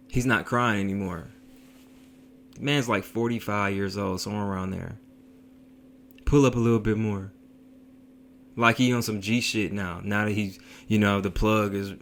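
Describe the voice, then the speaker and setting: A man telling a story in a casual vlog, in a slangy, profane, animated way. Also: on the low side, slight background noise.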